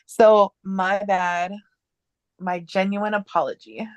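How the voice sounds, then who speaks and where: A woman's voice: mid-range voice, fairly even intonation, slow pace, no room sound, dull audio. A woman as a podcast guest in casual chat, telling a rambling story with many restarts and fillers.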